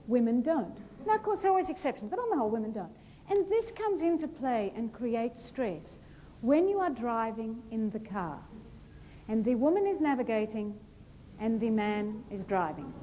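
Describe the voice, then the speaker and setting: A high, lively woman works a big hall from a stage mic, her pitch bouncing all over as she plays out little scenes. There is a faint hum of room ambience behind her. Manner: lively, animated, playful storytelling with acted-out asides. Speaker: motivational speaker. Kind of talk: humorous keynote talk on stage. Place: large hall before a live audience.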